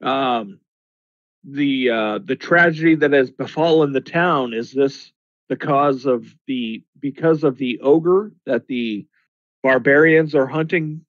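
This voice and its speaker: A man's voice: medium pitch, dry recording, lo-fi sound. A man playing in a tabletop game, hesitant and full of ums. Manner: slow, hesitant, lots of ums. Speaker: player.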